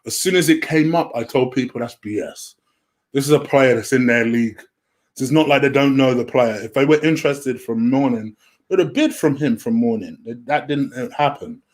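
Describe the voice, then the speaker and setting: Talking on his own in a home room, a man runs a home-made show about football transfer rumours, casual, chatty, prone to tangents and full of "um." His voice is mid-range and his pace moderate.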